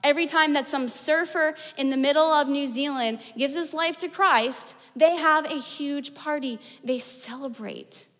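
A woman pastor preaches in a high, bright voice, chatty and loose, with lots of casual fillers. Her words ring out with a long reverb, as in a large church auditorium. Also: a little slow, hardly any pauses. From United States. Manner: conversational, storytelling with fillers like "like". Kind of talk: sermon.

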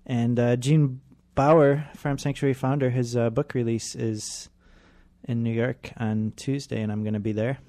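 Mellow-voiced hesitant male radio co-host. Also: mid-range voice, fairly even intonation, a little slow, no echo. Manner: hesitant, many fillers, dry quips. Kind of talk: casual radio banter.

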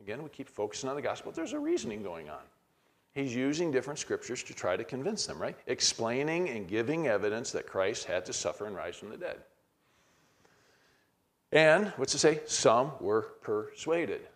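A man's voice: medium pitch, very animated, normal speed, gravelly. A man, middle-aged, teaching a Bible class in a conversational way, reading verses aloud with frequent restarts.

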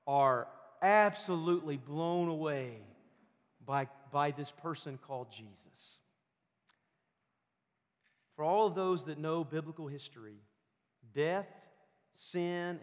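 A man preaching a sermon with emphatic delivery, building to loud, forceful peaks. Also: fairly high pitch, slow pace, long pauses, big-room sound. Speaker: pastor.

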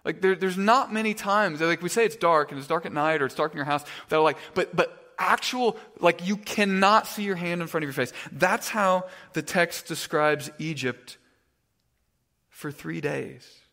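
Stammering, chatty pastor in a reverberant hall. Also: male voice, on the high side, normal speed. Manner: conversational, stammering restarts, animated storytelling. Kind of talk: sermon. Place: church sanctuary.

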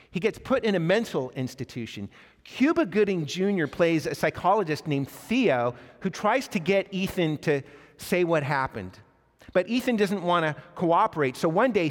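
Male pastor, sermon delivery, lively storyteller who voices the quotes; long hall reverb. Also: a little high.

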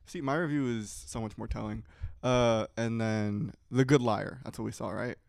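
A young man co-hosting a casual podcast, talking in a drawling, low-energy deadpan. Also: normal speed, vocal fry, no echo, studio quality. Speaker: podcast co-host.

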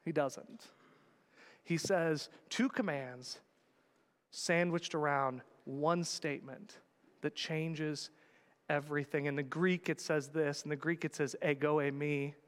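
A man preaching a sermon as a pastor, swinging between loud urgent calls and hushed quiet words. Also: fairly high pitch, steady tone, slow, long reverb tail.

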